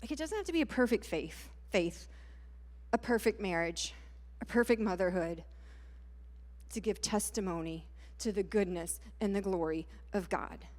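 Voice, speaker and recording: A woman, giving a personal testimony sermon at a conference in a lively storytelling way. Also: mid-range voice, moderate pace. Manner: lively storytelling, many "like" and "y'all". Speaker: conference speaker. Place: large church hall. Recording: hall with long reverb.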